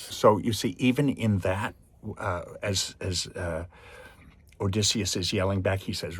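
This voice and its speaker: A man's voice: low voice, measured pace, slightly rough. A man giving a chatty, digressive film review in which he animatedly retells the story. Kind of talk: casual spoken review.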